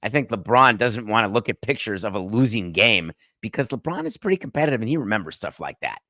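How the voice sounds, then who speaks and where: A middle-aged man hosting a sports podcast, talking in a brash, joking monologue full of quick asides. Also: lowish voice, sing-song, bright, forceful tone, no echo, clean studio sound. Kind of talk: casual sports commentary monologue.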